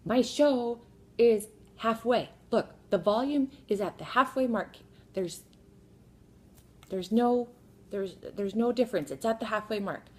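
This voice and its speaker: A woman voicing her young son, a literal-minded boy who protests loudly and keeps repeating himself. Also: fairly high pitch, unhurried, voice pushed up, lightly acted. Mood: insistent.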